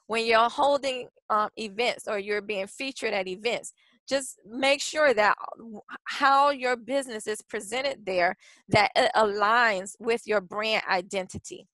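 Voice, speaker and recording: Woman, fairly high voice, chatty webinar presenter, lots of restarts, dry close mic. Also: a little slow, fairly bright tone, no echo, rough recording. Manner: chatty, many restarts and fillers. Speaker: workshop presenter. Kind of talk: casual webinar teaching.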